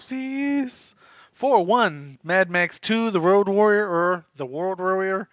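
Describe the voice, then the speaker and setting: A man co-hosting a podcast in playful, teasing banter with quick laughs. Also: high voice, a bit bright, smooth, dry recording. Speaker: podcast co-host.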